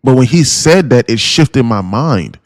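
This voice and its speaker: A man's voice: medium pitch, lively intonation, unhurried, dry recording. A man who hosts a day-trading live stream, ranting bluntly and repetitively at his viewers, swearing freely and calling them guys and bro. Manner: blunt, profane, repetitive and pushy.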